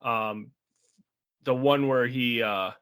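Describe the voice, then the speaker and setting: A man co-hosting a podcast, recapping a film's plot in a relaxed, chatty way with an occasional chuckle. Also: mid-range voice, slow, clear, resonant tone. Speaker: podcast co-host. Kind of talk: casual chat.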